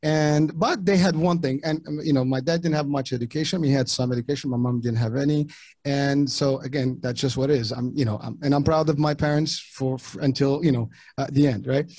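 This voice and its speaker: Moroccan-born man, dark warm voice. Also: medium pitch, steady tone, dry recording. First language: French and Arabic. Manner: halting, with many restarts and fillers. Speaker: podcast guest. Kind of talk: casual interview talk.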